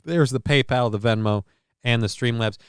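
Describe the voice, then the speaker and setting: A man's voice: mid-range voice, moderate pace, smooth, dry recording, studio quality. A man hosting his own live-stream show, reading news items aloud and riffing on them in a profane, rambling way. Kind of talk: casual live-stream commentary.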